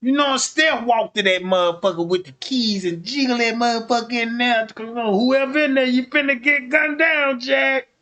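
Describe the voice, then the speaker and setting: A man streaming a comedic rant, telling profane, animated stories and acting out the scenes. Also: very high-pitched, moderate pace, few pauses. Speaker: streamer commentator.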